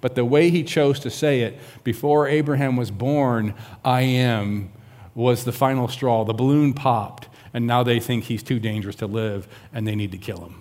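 A man's voice: medium pitch, normal speed. Man preaching a sermon in a reverberant hall. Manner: animated, acts out the voices of the people in the scripture. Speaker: pastor. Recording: long reverb of a large hall.

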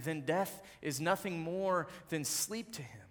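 A male pastor with a fairly high voice preaches a sermon. He moves between hushed, gentle lines and rising, emphatic peaks, and he settles into a lower, even tone when he reads scripture aloud. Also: unhurried. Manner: swings from soft, quiet lines to loud, emphatic build-ups.

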